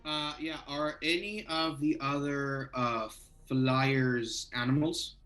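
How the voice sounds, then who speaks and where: A man playing a tabletop game, excitable and swearing freely as he describes his moves. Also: medium pitch, slow pace, distant mic, faint music behind. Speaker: player. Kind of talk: tabletop role-play.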